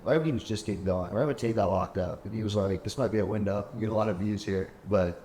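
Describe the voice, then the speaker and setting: Man, low voice, casual host, rambling storyteller, echoey room. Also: fast talker, warm tone. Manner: rambling storyteller, acts out quoted talk. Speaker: podcast host. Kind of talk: casual chat. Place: penthouse apartment. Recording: echoey room, faint background hum.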